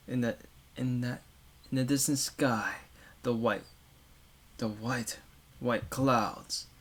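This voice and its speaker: A man reading a visual novel aloud for a let's play, stumbling over words and breaking off for wry, offhand comments. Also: medium pitch.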